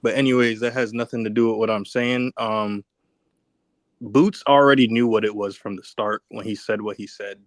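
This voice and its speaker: A man's voice: on the low side, steady tone, moderate pace, no echo. Rambling man calling in, dry sound. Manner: rambling, repeats words, restarts. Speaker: caller. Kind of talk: casual call-in talk.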